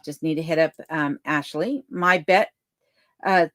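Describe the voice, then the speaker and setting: A woman hosting a live stream from her home, reading viewer comments aloud and chatting back in a relaxed, easygoing way. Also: low-pitched, a little slow, no room sound, clean studio sound. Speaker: livestream host reading chat comments. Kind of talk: casual live chat. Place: home in remote Alaska. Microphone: desk microphone.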